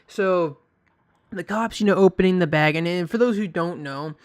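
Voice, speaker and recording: A man's voice: high-pitched, normal speed, smooth. A young man telling a story casually, rambling and swearing, with many fillers and restarts. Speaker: vlogger.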